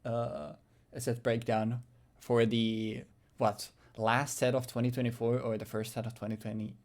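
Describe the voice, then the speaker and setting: A young man chatting casually as co-host, voice pitched at an ordinary middle height. He talks loosely, joking around with plenty of fillers and a swear here and there. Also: little pitch movement, normal speed, darkish tone. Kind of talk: casual chat about a card game.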